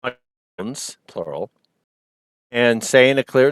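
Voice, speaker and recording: A man playing a tabletop game, calm and matter-of-fact. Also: medium pitch, unhurried, long pauses, clean tone, no room sound. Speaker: player. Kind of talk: casual tabletop play.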